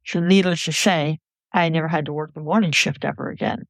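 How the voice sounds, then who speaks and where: A woman's voice: low voice, steady tone, fairly quick, dry recording. Woman telling a personal story, dry close mic. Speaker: podcast storyteller.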